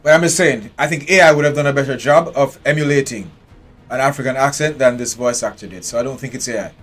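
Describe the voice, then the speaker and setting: A man's voice: mid-range voice, fast talker, a bit bright, faint music behind. A man giving live commentary while playing a strategy game, chatting and talking to his game characters. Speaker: game streamer.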